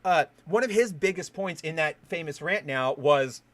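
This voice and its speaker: Male podcast host on a fired-up solo rant; a touch high, swears freely, trips over restarts. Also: lively intonation, moderate pace, a bit bright. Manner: heated, profane ranting with frequent restarts.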